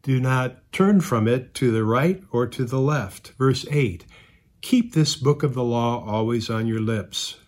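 A man preaching a sermon as pastor, reading scripture aloud and explaining it in an earnest, measured way with occasional fillers. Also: mid-range voice, darkish tone.

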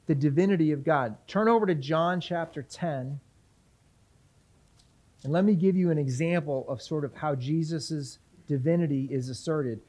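A man's voice: fairly high pitch, a little slow, darkish tone. A man teaching from the Bible in a sermon, asking the audience questions and reading passages aloud. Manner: reads scripture aloud.

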